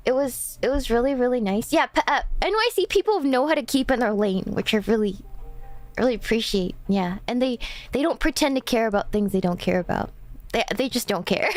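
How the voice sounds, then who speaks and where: High-voiced, rambling woman streamer. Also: animated, normal speed. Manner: rambling and chatty, full of "like" and restarts. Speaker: streamer host. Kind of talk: casual livestream chat.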